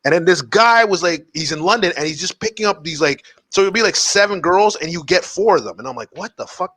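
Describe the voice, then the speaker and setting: A man from Montreal on a comedy podcast, telling crude stories in an animated way and acting out the quotes. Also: sits high, fast talker, no room sound. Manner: animated storytelling, heavy swearing, acts out quotes. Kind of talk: casual podcast banter.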